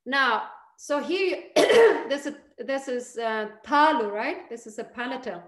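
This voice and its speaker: A woman teaching a group chanting lesson over a video call, patient and encouraging, demonstrating each line slowly. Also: high-pitched, lively intonation, roomy sound.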